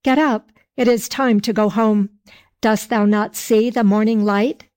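A woman voicing sly flattering tavern folk. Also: fairly high pitch, close to an everyday voice. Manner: slow, archaic storytelling speech. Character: sly, flattering male tavern keeper and guests.

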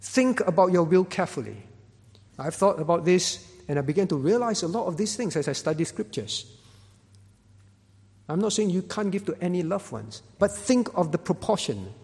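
A man preaching a sermon as pastor, earnest and pleading, rising at times to loud exclamations. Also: sits high, animated, normal speed, creaky. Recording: long hall reverb.

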